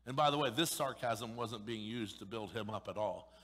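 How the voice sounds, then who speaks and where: A male pastor preaching an emphatic, sarcastic sermon, swinging between loud pushes and sudden hushed asides. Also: lowish voice, normal speed, long reverb tail. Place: church sanctuary.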